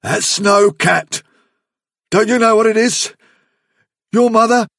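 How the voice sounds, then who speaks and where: A man's voice: mid-range voice, lively intonation, unhurried, vocal fry, sharp tone, breathy edge, no room sound, clean studio sound, distant mic, voice pushed up, heavily acted. A man voicing a large, tough male rabbit who speaks in a tense, strained way. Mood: fearful dread. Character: big bold buck rabbit gripped by dread.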